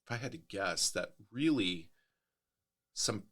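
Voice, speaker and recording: A middle-aged man, a pastor, speaks in a very low voice during a relaxed podcast chat. He explains things carefully and at length, often circling back and restarting his sentences as he thinks. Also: slow pace. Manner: explanatory, thoughtful, with frequent restarts. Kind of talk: casual podcast conversation.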